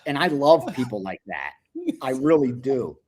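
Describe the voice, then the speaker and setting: Man, husky voice, blunt, animated betting talk. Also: mid-range voice, normal speed. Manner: animated, blunt, swears casually. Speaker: sports betting analyst.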